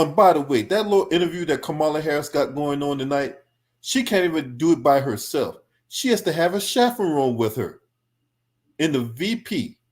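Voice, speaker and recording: Man, angry political reaction stream, confrontational, profane, somewhat high pitch. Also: a little mellow. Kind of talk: heated reaction commentary.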